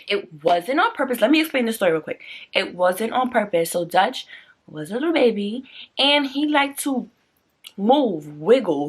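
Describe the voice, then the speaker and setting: A woman vlogger ranting casually to her viewers in a blunt, slangy, chatty way, her pitch jumping up whenever she gets excited. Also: breathy edge. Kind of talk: casual rant to camera.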